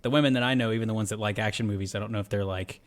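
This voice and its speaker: A man's voice: lowish voice, rapid-fire. A man co-hosting a casual movie review podcast, talking about a film with enthusiasm. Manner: enthusiastic, lively, generalizing with hedges. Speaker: podcast co-host.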